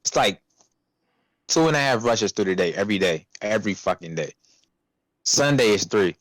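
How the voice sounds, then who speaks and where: A young man casually telling a profane, animated story about a fast-food job, acting out customers' voices. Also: on the low side, dry recording. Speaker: podcast co-host.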